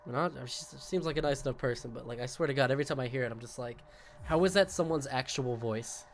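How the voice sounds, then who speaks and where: A young man streaming a video game, talking casually with excitable outbursts, rambling asides and a lot of swearing. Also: mid-range voice, quick pace, a little hiss or hum. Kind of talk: casual gaming commentary.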